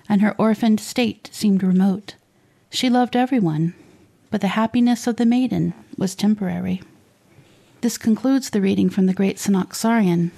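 A woman reading a saint's life aloud for children, in a slow, measured storybook narration. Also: mid-range voice, gravelly, dark tone. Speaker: reader of saints' lives for children.

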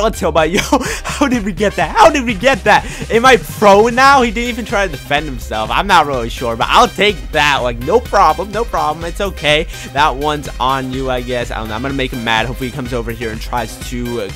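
High, lively young man raging at a game. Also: faint music behind. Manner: excitable, quick to rage and yell at other players. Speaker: gaming YouTuber. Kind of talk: live gameplay commentary.

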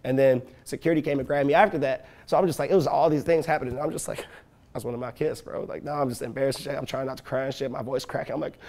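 A young man from Chicago spins profane, animated stories in a casual interview, acting out the voices of everyone he quotes. He talks quickly, with a rough, gravelly edge in his voice. His speaking pitch sits in an ordinary middle range. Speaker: rapper.

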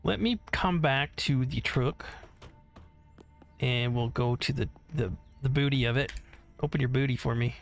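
Gravelly voiced guy doing lets play chatter, swears a lot, hums along, game music real faint underneath. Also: medium pitch, measured pace. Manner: rambling, swears freely, hums to himself. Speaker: gaming channel host. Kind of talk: casual let's-play commentary. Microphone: desk mic separate from headset.

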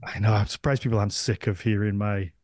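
A man's voice: fairly low pitch, fairly even intonation, fast talker, a little mellow, no echo, studio quality. A man with a Northern English accent hosting a podcast, chatting casually and rambling with frequent restarts. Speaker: podcast host.

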